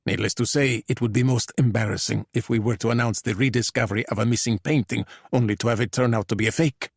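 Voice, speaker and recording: A man's voice: medium pitch, steady tone, fast talker, gravelly, slightly rough, no room sound. A man voicing a courtly older male police general with a dry wit. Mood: grave. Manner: courtly, dryly witty.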